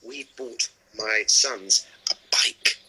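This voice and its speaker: A man in his thirties chatting playfully on a live stream from home, joking and animated. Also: on the low side, slow, crowd noise, poor audio. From Great Britain. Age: 30s. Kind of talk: casual chat.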